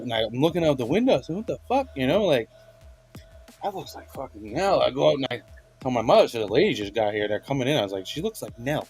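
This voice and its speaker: Young new guy telling a story, swears a lot, kinda husky, faint music under it. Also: medium pitch, a little mellow. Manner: profane, laid-back storyteller. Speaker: podcast guest. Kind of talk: casual storytelling chat.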